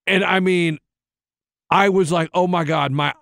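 A man's voice: sits high, measured pace, gravelly, no echo, studio quality. A man co-hosting a talk show, telling a story in casual banter and acting out what others said. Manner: animated storyteller, acts out other people's lines. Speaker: radio show co-host.

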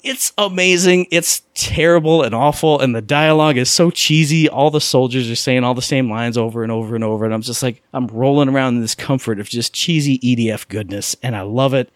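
A man co-hosting a casual podcast chat, telling rambling, excitable stories. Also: medium pitch, a little fast, hardly any pauses, no room sound, studio quality. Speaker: podcast co-host.

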